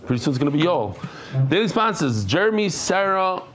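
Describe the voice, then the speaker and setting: A middle-aged man from the United States leading a Talmud class before a live audience, chatting, joking and quickly reading out names. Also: high voice, big pitch swings, fairly bright tone. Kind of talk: casual class talk. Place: study hall with a live audience.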